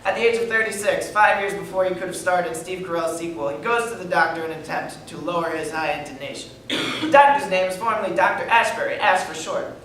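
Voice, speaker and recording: A man's voice: high-pitched, fast, fairly bright tone, slight background noise. An actor playing a brash, crude young male stand-up comedian, firing off wisecracks on stage. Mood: cocky, joking. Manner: wisecracking, crude joke delivery. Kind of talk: stage acting in a reading. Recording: echoey room from far off.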